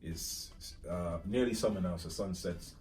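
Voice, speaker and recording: Low, mellow man hosting a podcast. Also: a little slow. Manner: animated storyteller who acts out family dialogue. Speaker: podcast host. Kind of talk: casual conversation. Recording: distant mic with faint music.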